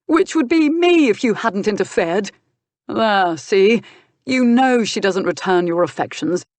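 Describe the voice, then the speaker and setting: A woman voicing a firm, steady uncle and guardian in an audiobook, measured and dryly mocking. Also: medium pitch, no echo, pitched above the performer's own voice, close to an everyday voice. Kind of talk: audiobook character voice.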